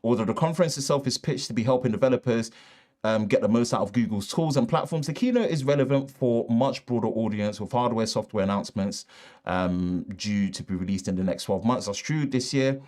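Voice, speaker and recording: A man's voice: mid-range voice, a little fast, darkish tone. A man with a Northern English accent hosting a live tech show, reading the news loosely with asides and restarts, recorded on a shotgun mic in a treated home studio. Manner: casual, rambling, reads news with asides and restarts. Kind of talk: live-stream tech chat.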